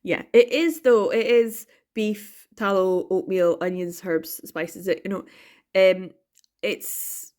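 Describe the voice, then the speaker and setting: Scottish woman, casual vlogger, animated and laughing, mid-pitched, swears for emphasis. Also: slow pace. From Scotland. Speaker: manga reading vlogger. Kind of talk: casual reading vlog chat.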